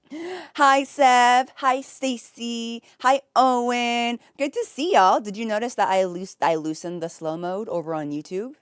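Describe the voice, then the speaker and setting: With a fairly high voice, a woman streamer greets her chat and chats casually from her home office, giggly, effusive, and quick to laugh. The recording is studio quality with no echo.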